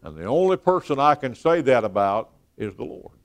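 Male preacher, emphatic evening sermon, repeats words for weight, trails off low. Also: very animated, moderate pace. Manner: emphatic, with repeated words and falling phrase ends.

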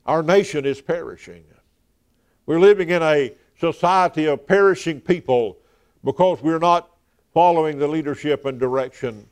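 Male preacher, emphatic evening sermon, repeats words for weight, trails off low. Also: darkish tone. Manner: emphatic, with repeated words and falling phrase ends.

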